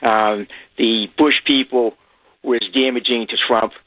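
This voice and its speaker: A man's voice: mid-range voice, steady tone, measured pace, no echo. A man calling in to a radio show, rambling and cynical, heard over a phone line. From Massachusetts. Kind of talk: call-in commentary.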